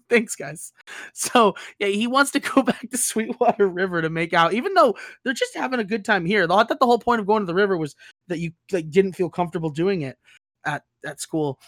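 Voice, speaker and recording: A woman's voice: mid-range voice, animated, a little fast, no echo, clean studio sound. A young woman hosting a casual recap podcast, rambling and laughing, acting out quotes. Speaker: podcast host.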